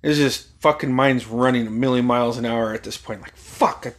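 A man's voice: mid-range voice, steady tone, a little fast. A man in his forties from Alaska, telling a rambling, profane anecdote and chuckling often. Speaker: storyteller.

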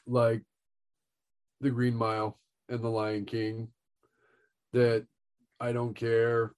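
A man's voice: mid-range voice, monotone, slow. A man co-hosting a podcast in casual chat, speaking emphatically and leaning on filler words. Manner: emphatic, repeats "literally" and "like". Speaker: podcast co-host.

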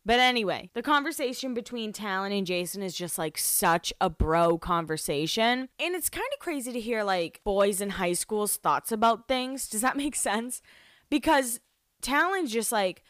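A woman's voice: a little high, expressive, moderate pace, dry recording, studio quality. A young woman hosting a podcast, recapping a reality show in casual chat, giggly and full of "like" fillers. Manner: chatty, giggly, lots of "like" fillers.

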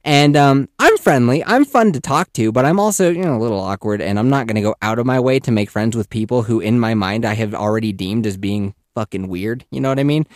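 A man in his thirties telling a casual, animated story as a podcast host, swearing freely and acting out voices. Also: medium pitch, fairly quick, hardly any pauses, no echo, clean studio sound.

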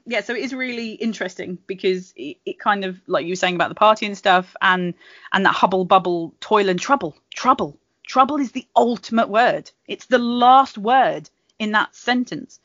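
A British woman with a bright, crisp tone, talking in a loose, rambling way and laughing often. The sound is dry and close, a little dull and lo-fi, like a home podcast recording. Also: a little high, dry recording. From Britain. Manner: giggly, rambling, frequent laughs and restarts. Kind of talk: casual chat.

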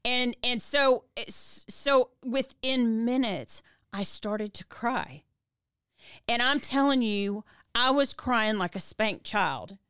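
Woman co-host, smooth clear voice, dry close sound, animated chatty storyteller. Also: slow, no echo. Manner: animated, many restarts, pitch rises when reliving tears. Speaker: podcast co-host. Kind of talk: casual storytelling to her husband.

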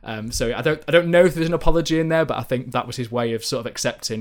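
A man's voice: mid-range voice, rapid-fire. A man, a football journalist, telling an anecdote in casual podcast chat, rambling with fillers and restarts.

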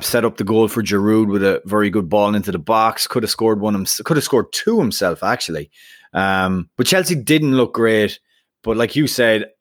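A man's voice: on the low side, dry recording, studio quality. A man co-hosting a football podcast in casual chat, talking in loose bursts with restarts. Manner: chatty, lots of restarts and fillers. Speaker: podcast co-host.

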